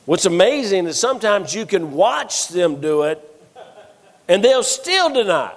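A middle-aged man preaching a sermon, telling funny family stories with animated delivery and acting out the voices of the people he quotes. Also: high voice, a little slow. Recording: long reverb of a large hall.

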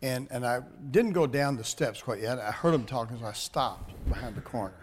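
Man, middle-aged, pastor, sermon, animated storyteller, mid-range pitch, asks the congregation for responses. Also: fairly quick, slight background noise.

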